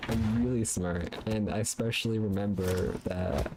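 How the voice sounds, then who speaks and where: A man streams a fighting game, rambling playfully with lots of fillers as casual commentary over his own play. His voice is lowish, steady in tone and at a moderate pace, captured on a studio condenser mic against a noisy background.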